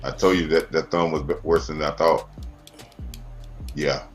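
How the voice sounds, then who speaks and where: A man's voice: very deep voice, fairly even intonation, measured pace, soft background music. A man co-hosting a live watch party, reacting to plays in slangy casual talk. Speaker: co-host. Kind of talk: live game commentary.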